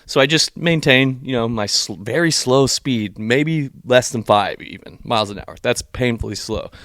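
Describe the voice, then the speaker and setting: A young man spinning a long, profane story on a podcast, jumping into the voices of the people in it. His voice sits at an ordinary pitch and is recorded close and dry, with no room sound. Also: moderate pace, no echo. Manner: profane, animated storyteller acting out quotes. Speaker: podcast co-host. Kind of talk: casual chat, long-winded storytelling.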